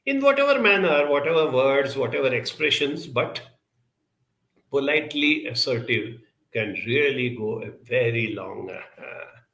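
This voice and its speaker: Man, conference talk, gravelly, bright and forceful, earnest advice, frequent hesitations, roomy echo. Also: medium pitch, very animated, unhurried. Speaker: conference speaker. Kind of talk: conference talk with audience questions.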